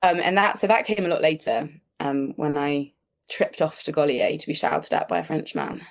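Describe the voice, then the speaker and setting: Woman, thirties, podcast guest, casual, self-deprecating, lower pitch. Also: normal speed. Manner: chatty, self-deprecating, lots of fillers. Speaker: comedian and actor guest. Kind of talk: casual interview chat.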